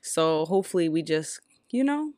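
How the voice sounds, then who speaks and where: A woman's voice: low voice, very animated, moderate pace, a little mellow, no echo, clean studio sound. Slangy young woman podcast host. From Puerto Rican. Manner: slangy, emphatic and joking. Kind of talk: casual podcast chat.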